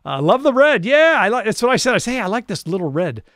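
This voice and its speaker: A man's voice: sits high, sing-song, quick pace, fairly bright tone, dry recording, clean studio sound. A man hosting a live music stream, crooning songs and chatting with viewers in a rambling way between songs, laughing often. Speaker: host and singer. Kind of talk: live-stream lounge singing and chat.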